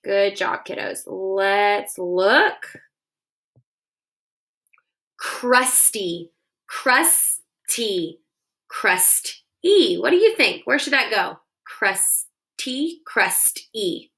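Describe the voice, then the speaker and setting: Slow, bright-voiced woman teaching phonics. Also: medium pitch, expressive, poor audio. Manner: slow, deliberate, sounds words out syllable by syllable. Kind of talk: phonics dictation lesson for kids. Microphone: phone.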